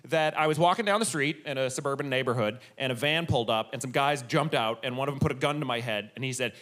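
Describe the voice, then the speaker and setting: A male stand-up comedian telling a rambling story on stage, acting out shouted lines. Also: high voice, fairly quick.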